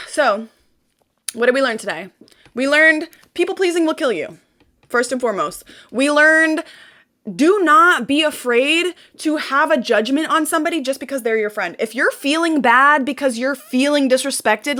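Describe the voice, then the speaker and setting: A woman's voice: high-pitched, lively intonation, moderate pace, sharp tone. A young woman hosting her own channel, ranting bluntly and emotionally, swearing often and repeating phrases for emphasis. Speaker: channel host. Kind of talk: emotional personal rant.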